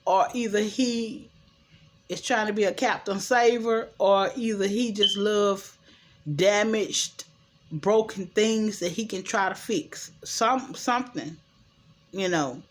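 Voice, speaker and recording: A woman's voice: medium pitch, slow pace, a little hiss or hum. A woman, chattily recapping a TV drama episode and acting out the characters' lines. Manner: chatty, animated retelling with quoted dialogue and opinions. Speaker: show recap host.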